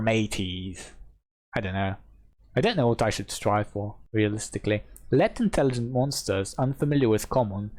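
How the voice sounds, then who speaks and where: Low-voiced man reading with chatty asides. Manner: switches between steady reading and chatty asides. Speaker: streamer and game master. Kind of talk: reading a rulebook aloud with casual commentary.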